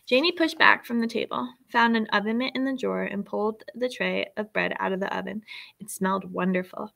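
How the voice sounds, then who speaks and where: A woman reading a children's chapter book aloud in a steady, expressive way. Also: mid-range voice, a little fast, vocal fry. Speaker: storyteller. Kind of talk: storybook read-aloud.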